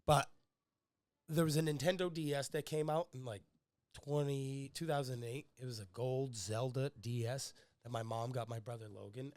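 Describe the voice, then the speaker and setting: A man's voice: mid-range voice, a little mellow, no echo. Young male podcast host, rambling crude storyteller, dry close mic. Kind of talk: casual podcast chat.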